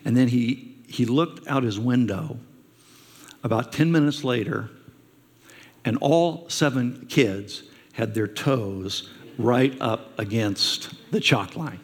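A man's voice: mid-range voice, slow pace, slightly rough. A man preaching a sermon as a pastor, telling stories and asking his listeners rhetorical questions. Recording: long reverb of a large hall.

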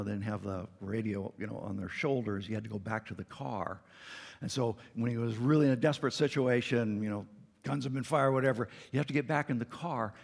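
A middle-aged man preaches in a church, earnest and conversational with a light touch of humor. His voice is gravelly and a little husky, and it rings out with the long reverb of a large hall. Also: mid-range voice. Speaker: pastor. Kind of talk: sermon. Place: church sanctuary.

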